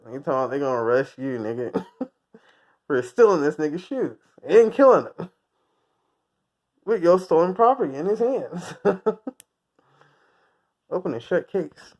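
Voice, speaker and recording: A man from the United States ranting casually, rambling and crude, often breaking into laughter at his own jokes. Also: a little high. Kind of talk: casual profane rant. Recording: dull lo-fi recording.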